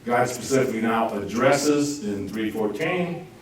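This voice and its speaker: A man giving an informal Bible class, joking and acting out quotes in lively swings of voice. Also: measured pace. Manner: jokey, animated, acts out quotes with lively pitch swings. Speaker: Bible teacher. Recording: roomy echo, speaker far from mic, faint noise.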